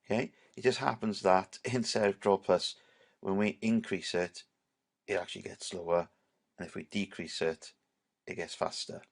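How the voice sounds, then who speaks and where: A male teacher, giving a casual screen-recorded software tutorial and leaning on "right" and "obviously". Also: sits low, moderate pace, vocal fry.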